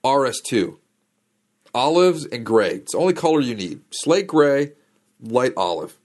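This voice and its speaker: A man talking casually as a podcast host, chatty and slangy, drifting from one tangent to the next. His voice sits at an ordinary middle pitch, neither deep nor high. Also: sing-song, measured pace, a little mellow. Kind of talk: casual storytelling.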